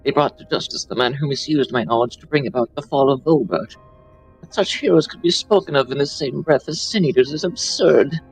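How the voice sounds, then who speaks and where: A man's voice: mid-range voice, a little fast, voice pushed up, close to an everyday voice. A man voicing a noble male fantasy game hero, reading the lines earnestly. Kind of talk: reading game dialogue aloud. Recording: music behind.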